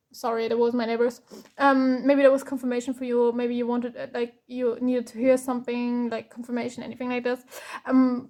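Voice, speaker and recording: A woman's voice: fairly high pitch, mellow. A young woman from Germany giving an emotional tarot reading, close to tears and hesitant, with many fillers and restarts. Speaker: tarot reader.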